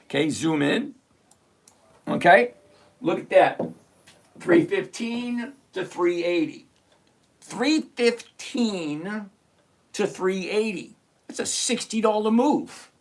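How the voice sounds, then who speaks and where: At his computer reviewing charts, a man hosts a live stock-picking stream, blunt and sarcastic, breaking down stock numbers like a chatty teacher. His voice is high-pitched and expressive, and he speaks slowly with frequent pauses.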